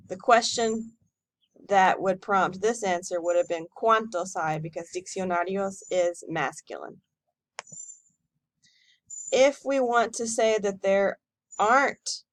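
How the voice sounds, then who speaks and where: A woman teacher giving a recorded lesson, modelling each number slowly and clearly for students to repeat. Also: medium pitch, no room sound. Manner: slow, careful model pronunciation for repeating. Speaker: Spanish teacher.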